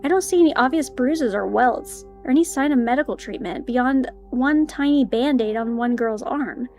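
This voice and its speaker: Young woman, game streamer, giggly, easily spooked, high voice, faint music. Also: moderate pace, mellow. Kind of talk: reading a visual novel aloud with commentary.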